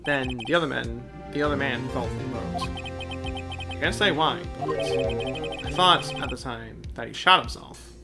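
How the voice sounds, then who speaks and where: A shaken male witness from a video game, as a streamer voices him. He speaks low and hesitantly. Game music plays behind him. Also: measured pace, close to an everyday voice. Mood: subdued.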